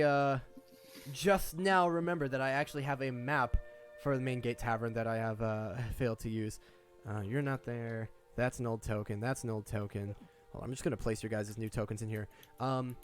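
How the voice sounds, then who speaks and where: A young man narrating a tabletop game as game master, rambling with many pauses and restarts. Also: medium pitch.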